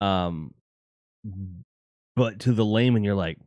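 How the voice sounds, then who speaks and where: A man's voice: fairly low pitch, slow, darkish tone, dry recording. A man hosting a casual, rambling and jokey chat about music. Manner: rambling and jokey, with lots of fillers and laughs. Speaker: host.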